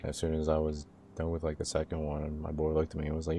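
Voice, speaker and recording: A man's voice: extremely low pitch, monotone, fast talker, dark tone, a little hiss or hum. A young man casually chatting with his livestream viewers in a laid-back, slangy way. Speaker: live streamer.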